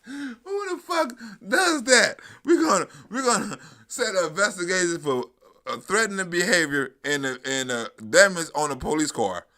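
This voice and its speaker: Man, middle-aged, from New York, high-pitched, sharp, mocking, laughing, swearing, live-stream commentary. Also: animated, moderate pace. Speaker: commentator reacting to news clips.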